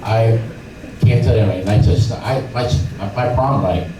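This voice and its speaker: A middle-aged fishing guide addresses a club, his voice on the low side and his pace moderate. He tells fishing stories animatedly, performing voices and sounds in this storytelling seminar talk, recorded from afar in a noisy, echoey room.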